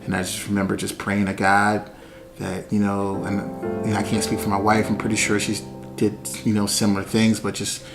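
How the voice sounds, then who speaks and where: A man speaking about his wife and faith in a halting, relaxed testimony, filled with "you know". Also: lowish voice, vocal fry. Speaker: husband sharing faith story. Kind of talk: personal testimony. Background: soft guitar music.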